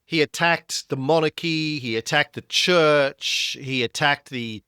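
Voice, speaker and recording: A man's voice: fairly high pitch, a little slow, bright, forceful tone, clean tone, dry recording, clean studio sound. A man co-hosting a history podcast, explaining events with frequent fillers and restarts. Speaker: podcast co-host.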